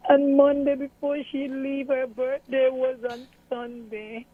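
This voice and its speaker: A middle-aged mother earnestly recounts events in an interview, telling the story in an animated way. Her high voice moves a little slowly, and the audio sounds tinny, like a phone.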